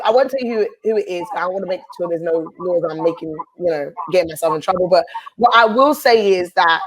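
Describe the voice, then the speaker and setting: A woman's voice: mid-range voice, low-quality recording. A woman host and minister sharing a heartfelt personal testimony with an earnest, preaching cadence.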